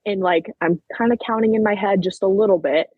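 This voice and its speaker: An 18-year-old woman from Minnesota, a high school track athlete, animatedly retelling a race story in a casual interview, full of "like". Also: brisk, breathy edge, dry recording, phone-quality sound. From Minnesota, USA. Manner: animated retelling, many fillers like "like".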